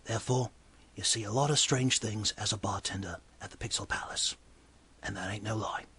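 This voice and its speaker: A man voicing a chatty male bartender, telling a bar story in a breathy voice. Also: on the low side, moderate pace, full character voice. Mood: gossipy storytelling. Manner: exclaims loudly, then drops to hushed asides. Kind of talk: comedic character monologue.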